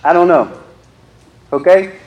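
A man's voice: sits high, takes it slowly, a little mellow, echoey room, rough recording. A young man preaching a sermon in a joking, conversational way, often asking the crowd questions.

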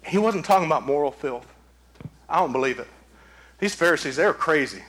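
A man's voice: a little high, expressive, fairly quick, a bit bright. A man preaching a sermon as pastor, emphatic, with repeated phrases. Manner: emphatic, repetitive preaching cadence.

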